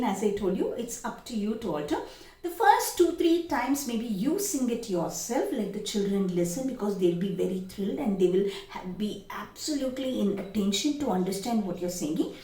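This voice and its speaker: A woman teacher, giving expressive, emphatic advice to other teachers. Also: mid-range voice, normal speed. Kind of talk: instructional talk. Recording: roomy echo, distant mic.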